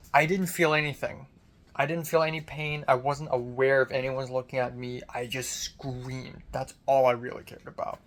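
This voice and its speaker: Young man with a deep, strained voice. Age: young adult. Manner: frustrated, self-critical, swears often. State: voice deep and strained after screaming. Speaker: college student vlogger. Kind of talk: casual video diary.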